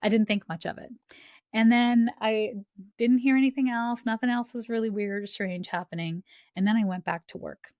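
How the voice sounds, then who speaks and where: A woman's voice: on the high side, steady tone, moderate pace, a little mellow, dry recording, studio quality. A woman hosting a podcast, telling a personal story in a chatty, filler-heavy way, often laughing and acting out the voices of people she quotes. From Canada. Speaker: podcast host.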